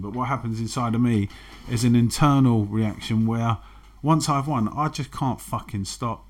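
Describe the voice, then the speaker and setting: A man, frankly telling his own recovery story and swearing freely. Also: lowish voice. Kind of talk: candid personal testimony.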